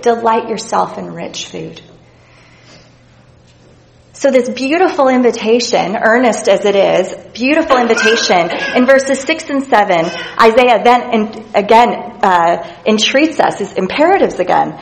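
A woman's voice: a little high, lively intonation, unhurried, creaky, a little hiss or hum, low-quality recording. A woman giving an earnest, reflective devotional Bible teaching, reading scripture passages aloud as she goes.

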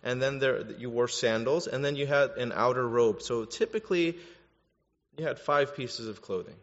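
Pastor preaching in a reverberant hall. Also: male voice, normal speed. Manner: animated, rises in pitch and volume for emphasis. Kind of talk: sermon. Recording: dull lo-fi sound with long hall reverb.

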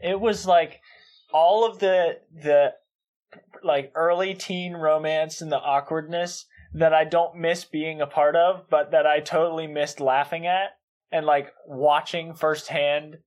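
A man on a podcast who talks slowly and gushes about a film. His voice is a little high, and he giggles and leans on fillers as he goes. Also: fairly even intonation. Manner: giggly, gushing, lots of fillers. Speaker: podcast co-host. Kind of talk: casual chat movie review.

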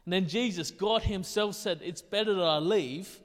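Pastor in a reverberant hall. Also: male voice, high-pitched. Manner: casual and conversational, with quick asides. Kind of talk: sermon.

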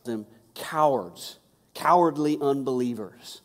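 A man's voice: medium pitch, slow pace. A male pastor preaching a sermon in a conversational way, often repeating words for emphasis. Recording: long hall reverb.

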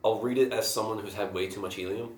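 A man co-hosting a casual comedy podcast, making deadpan offers. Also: lowish voice, fast talker. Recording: roomy sound.

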